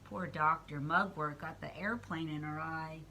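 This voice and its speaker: Brief: bright-voiced woman storyteller, unhurried, lively delivery for small kids. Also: low voice, a little hiss or hum, rough recording. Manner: expressive, playful, chats to young listeners. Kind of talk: storybook read-aloud.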